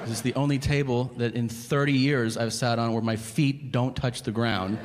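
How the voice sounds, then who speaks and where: A man performing stand-up comedy, telling stories in a profane, animated way and acting out both sides of each exchange. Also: moderate pace. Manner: animated, profane, acts out both sides of dialogues, voice jumping high for disbelief. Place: comedy stage before a laughing audience. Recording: live stage mic with audible noise.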